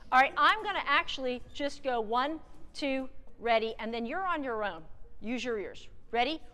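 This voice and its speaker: A woman conductor coaching a student wind band from the podium, her fairly high voice carrying a long theatre reverb. She is direct and encouraging and sings short phrases to show how the music should go. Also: expressive, normal speed, bright, forceful tone, clear, resonant tone. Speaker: guest conductor. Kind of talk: wind band rehearsal clinic. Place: large theatre stage.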